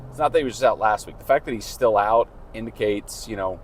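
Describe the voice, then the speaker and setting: Chatty low-voiced man vlogging. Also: fast, slight background noise. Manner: chatty, rambling with frequent "like" fillers. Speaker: vlogger host. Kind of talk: casual match-day vlog. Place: outdoors around town.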